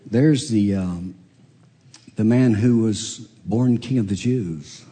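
A man's voice: on the low side, slow pace, dark tone. A man preaching a sermon as a pastor, telling a story and acting out the voices of the people in it. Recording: long reverb of a large hall.

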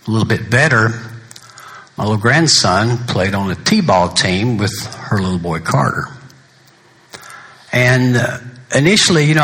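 A man's voice: lowish voice, fairly bright tone. An older man, a pastor giving a funeral sermon, mixing folksy jokes about himself with solemn words of comfort. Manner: folksy, joking anecdotes between solemn points.

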